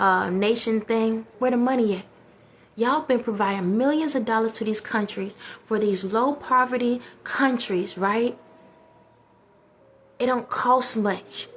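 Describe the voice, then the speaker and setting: A woman's voice: a little high, slight background noise. A woman, delivering a heated casual monologue full of repeated rhetorical questions. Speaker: vlogger.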